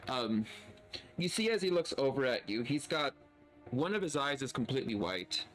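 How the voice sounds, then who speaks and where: A man's voice: mid-range voice, very animated, moderate pace, soft background music. A man narrating a tabletop role-playing game as game master, describing scenes casually with many fillers.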